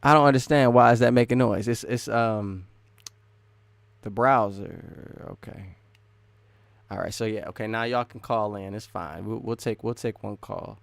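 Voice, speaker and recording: A man's voice: lowish voice, unhurried, vocal fry, dry recording. A man hosting a casual live stream, rambling and restarting sentences as he chats with viewers. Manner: rambling, restarts often, laughs between thoughts.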